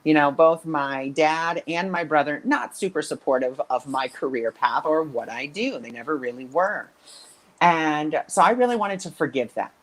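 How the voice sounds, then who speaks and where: Animated woman telling stories, lower voice. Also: normal speed, poor audio. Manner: animated, acts out quoted voices. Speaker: spiritual intuitive coach. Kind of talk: casual interview storytelling.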